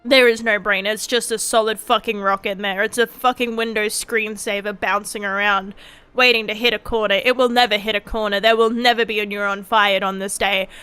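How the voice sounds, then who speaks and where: A young woman streamer ranting casually and profanely to her chat, animated and exasperated. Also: medium pitch, a little fast, clear, resonant tone, soft background music.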